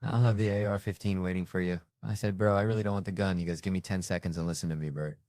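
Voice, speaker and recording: A man's voice: sits low, steady tone, fast talker, darkish tone, no echo. A man telling a stand-up story in a rowdy, profane manner, imitating the people in it. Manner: rowdy, profane anecdotes with mimicked voices. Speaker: stand-up comedian.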